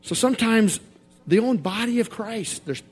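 A man preaching a sermon in a repetitive, emphatic cadence, swinging from quiet confession to shouted outbursts. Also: high voice, expressive, normal speed, soft background music.

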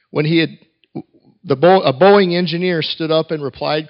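A man preaching to a congregation, telling stories and letting key lines drop to a hush before his voice climbs again for emphasis. His voice sits a touch high. The recording is dull and lo-fi. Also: steady tone. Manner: storytelling with quiet pauses, rising for emphasis. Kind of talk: sermon with told stories.

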